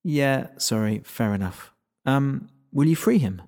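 A man's voice: medium pitch, lively intonation, measured pace, creaky, a little mellow, voice pushed up. A man doing a cheeky, sarcastic schoolgirl. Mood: casual. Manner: casual and sarcastic. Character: bold, cheeky teenage schoolgirl.

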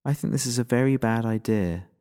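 A man's voice: medium pitch, fairly quick, warm tone, lightly acted. A man voicing a grim young woman fighter who speaks bluntly and formally. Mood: stern. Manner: formal and blunt, without contractions.

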